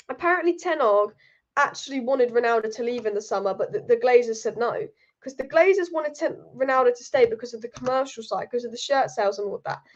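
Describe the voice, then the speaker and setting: High-voiced woman ranting about football. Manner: heated, ranting, reads out viewer comments. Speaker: football channel host. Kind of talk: live-stream fan commentary. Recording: dull lo-fi stream audio.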